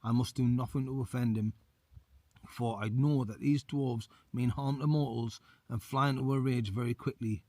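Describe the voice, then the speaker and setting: A cautious male traveller talks himself into keeping still, read by a man telling a tale. The voice stays at a plain middle pitch. The sound is dry and close. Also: fairly even intonation, moderate pace, mellow, no echo, natural voice. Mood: wary.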